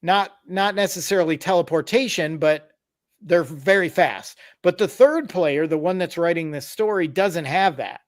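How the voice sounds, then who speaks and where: Higher-voiced man telling stories casually. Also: normal speed. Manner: explains game rules with wry asides. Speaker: podcast host. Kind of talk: casual storytelling.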